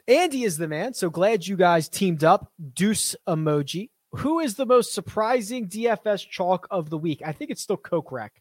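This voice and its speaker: Young male stream host, high-pitched, dry close sound, chatty and self-deprecating. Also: lively intonation, normal speed, hardly any pauses, no room sound. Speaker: host of a fantasy golf stream. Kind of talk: casual live-stream Q&A reading chat.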